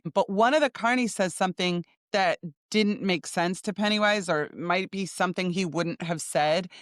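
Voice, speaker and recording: Chatty solo podcaster, mid-pitched, dry close sound, loose enthusiastic recap delivery. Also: fairly bright tone, dry recording. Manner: chatty, loose, with frequent "like" and "kinda". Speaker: podcast host. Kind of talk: casual solo recap of a TV finale.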